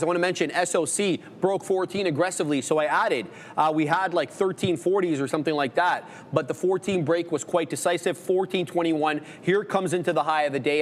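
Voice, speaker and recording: A man hosting a live trading show, reading market news briskly with sarcastic asides, in a reverberant studio. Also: fairly high pitch, a little hiss or hum. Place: studio under construction.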